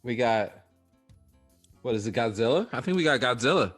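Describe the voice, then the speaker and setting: A man's voice: mid-range voice, expressive, moderate pace, fairly bright tone, slightly rough, soft background music. A man hosting a podcast, chatting casually with short, upbeat reactions. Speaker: podcast host. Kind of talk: casual chat.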